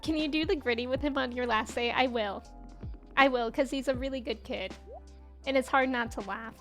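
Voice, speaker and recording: A woman's voice: high-pitched, normal speed, a bit bright, faint music behind. A young woman in her twenties streaming a game, chatting casually with viewers and laughing often. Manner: chatty, laughs often, reads chat aloud. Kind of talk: casual chat while gaming.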